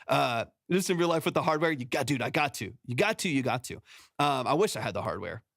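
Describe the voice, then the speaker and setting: A man's voice: mid-range voice, very animated, quick pace, gravelly, fairly bright tone, no echo. A male music producer giving casual, rambling mix feedback on a livestream from his home studio, speaking close to a compressed studio microphone. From San Antonio, Texas. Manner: rambling, self-correcting, often tags "right?".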